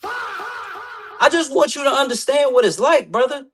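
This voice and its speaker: Brief: male guest with a very high voice, cocky smack talk, podcast banter. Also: big pitch swings, measured pace, fairly bright tone. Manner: boastful, trash-talking. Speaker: guest competitor.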